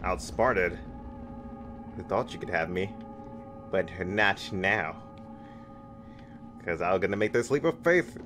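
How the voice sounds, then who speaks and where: A young man giving jokey horror game commentary, taunting the game and bursting into high yells. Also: lively intonation, takes it slowly, pauses often, background noise. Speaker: gaming streamer.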